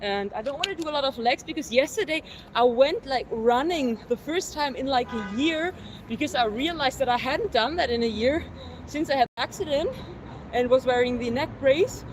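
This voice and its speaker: A woman live-streaming her outdoor workout, chatting with viewers and counting reps out loud, a little winded at times. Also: high voice, lively intonation, moderate pace. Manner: chatty, reads viewer comments aloud between sets. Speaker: fitness vlogger. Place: outdoors in a city. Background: faint traffic and street noise.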